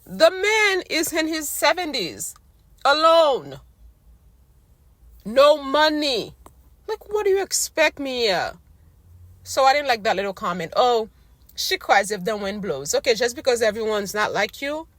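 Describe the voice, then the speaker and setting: A woman delivers a casual recap rant with blunt, slangy exasperation. Her voice is fairly high and swings widely in pitch, and it is going hoarse as she talks. The recording is dry, with no room sound. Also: sing-song, unhurried, long pauses, a bit bright, dry recording. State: losing her voice. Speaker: recap vlogger.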